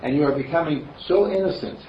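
A man's voice: fairly high pitch, fast, a little hiss or hum. A man giving a spiritual sermon in a rambling, chuckling, storytelling manner. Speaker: minister. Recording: distant roomy dull recording.

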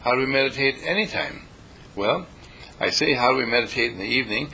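A man's voice: mid-range voice, fast, pushed and bright, poor audio. A man teaching meditation in a folksy, repetitive way, slipping into panicked voices to make his points, over faint noise. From California. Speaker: dean and spiritual teacher. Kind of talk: spoken meditation lesson.

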